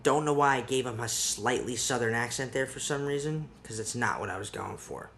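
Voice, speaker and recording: A man's voice: mid-range voice, fairly quick, a bit bright, slight background noise. A man hosting a solo podcast in casual chat, rambling with restarts and casual swearing. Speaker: podcast host.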